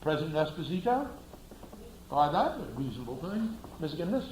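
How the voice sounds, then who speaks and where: A man's voice: fairly high pitch, sing-song, moderate pace, darkish tone, echoey room, slight background noise, poor audio. A man giving a classroom lecture, asking the class rhetorical questions and acting out little scenes.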